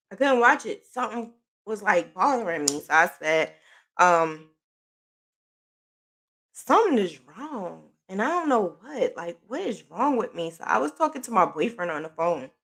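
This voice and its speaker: A middle-aged woman hosts her own podcast and tells a long personal story in casual, animated chat. Her voice has a gravelly, fried edge, and she sighs, backtracks and corrects herself as she goes. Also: a little high. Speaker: podcast host.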